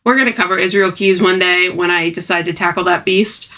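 A woman co-hosting a podcast in casual chat, animated and swearing freely. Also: fairly low pitch, a little fast. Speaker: podcast co-host.

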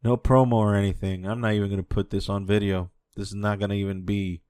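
A man hosting an off-the-cuff podcast rant, swearing heavily and impassioned, swinging between quiet musing and a raised voice. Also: lowish voice, level tone, fast, clear, resonant tone, no room sound, clean studio sound. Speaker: podcast host.

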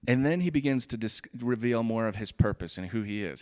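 A pastor giving a sermon. He reads scripture steadily, then explains it in a relaxed, chatty way, often saying "like". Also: on the low side, fairly quick.

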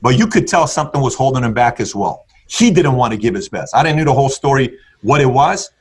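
A man's voice: medium pitch, expressive, fast talker, breathy edge. A man on a podcast as a guest, telling his story with emphasis and acting out what people said in different tones. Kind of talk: animated personal storytelling.

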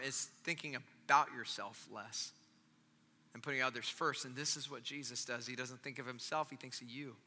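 A man preaching a sermon as a pastor, casual and joking, swinging from loud storytelling to quiet, intimate asides. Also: mid-range voice, normal speed, in a large hall. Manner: casual, joking delivery with slang and restarts.

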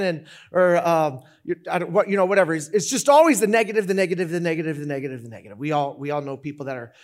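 A man preaching a sermon as pastor, talking in an animated, conversational way with many restarts. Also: on the high side, fast, hardly any pauses.

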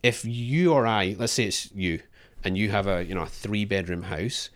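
A man's voice: on the low side, moderate pace. A man co-hosting a podcast, talking casually with many restarts and fillers. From Australia. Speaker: podcast co-host.

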